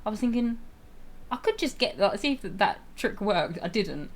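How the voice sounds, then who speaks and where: A woman's voice: medium pitch, big pitch swings, normal speed. A young woman streaming a life-sim game, chatting casually with viewers, giggling, restarting sentences and apologizing as she goes.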